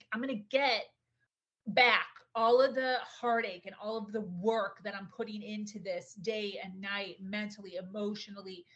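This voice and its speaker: A young adult woman telling a personal story in a casual, animated way, often saying "like" and acting out what people said. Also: mid-range voice, highs cut off. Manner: animated, acts out quotes, says "like" often. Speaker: podcast guest.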